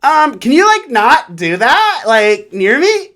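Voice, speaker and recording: A woman's voice: high-pitched, sing-song, slow, a bit bright, voice pushed up, exaggerated voice. A man mimicking a prissy young woman hiker.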